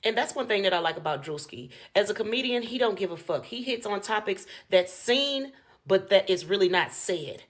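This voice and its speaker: A woman's voice: mid-range voice, lively intonation, normal speed. An American woman giving a blunt, heavily profane rant as commentary. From United States. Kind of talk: ranting commentary.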